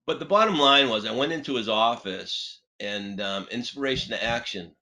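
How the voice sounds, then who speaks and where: Brief: man, sales trainer, bright tone, animated storyteller. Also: normal speed, poor audio. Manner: animated, punchy delivery with big pitch swings. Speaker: sales trainer and webinar host. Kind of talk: storytelling on a webinar panel.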